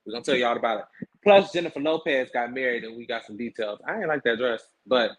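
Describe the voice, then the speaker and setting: A sassy man hosts a casual celebrity gossip show with a slightly husky voice. His pitch sits in the middle, and he keeps it lively with slang and asides. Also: quick pace. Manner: sassy, animated, slangy storytelling. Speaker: host.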